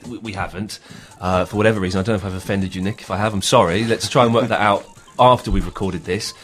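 A man's voice: lowish voice, quick pace, faint music behind. A man with an English accent, chatting and joking about video games on a podcast, laughing often. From England. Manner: animated, jokey, laughs often while talking. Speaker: podcast co-host. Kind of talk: casual gaming podcast chat.

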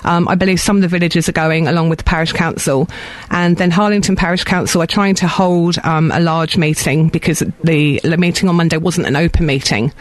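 A man giving an update on radio, halting, with lots of ums. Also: on the high side, steady tone, dry recording, poor audio. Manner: hesitant, filler-heavy. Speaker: guest. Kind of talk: giving a local meeting update.

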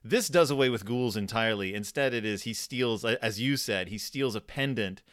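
A man's voice: medium pitch, normal speed, a bit bright, no echo, studio quality. A man co-hosting a casual podcast chat, rambling with laughs and restarts. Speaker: podcast co-host. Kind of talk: casual chat reviewing a horror episode.

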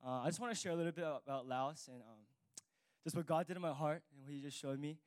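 A man's voice: on the high side, fast, no echo. A jet-lagged young man telling his church about a mission trip, casual, rambling and emotional. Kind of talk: spoken testimony.

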